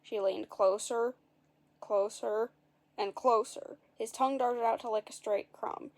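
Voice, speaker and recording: A woman's voice: on the high side, fairly even intonation, measured pace. A woman reading a children's story aloud, with playful asides to the listeners.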